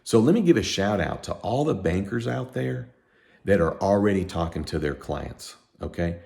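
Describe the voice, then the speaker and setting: Middle-aged accountant, animated rant to camera, lively swinging delivery with a deep voice, running on little sleep. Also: male voice, moderate pace, vocal fry. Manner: emphatic, ranting, animated. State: sleep-deprived. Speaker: accountant and tax educator. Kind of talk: heated unscripted talk to camera.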